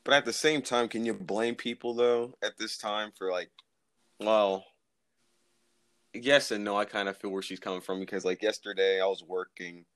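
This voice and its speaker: Low-voiced easygoing man, dry sound. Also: fairly even intonation, normal speed, a bit bright, dry recording. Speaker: podcast co-host. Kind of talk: casual chat.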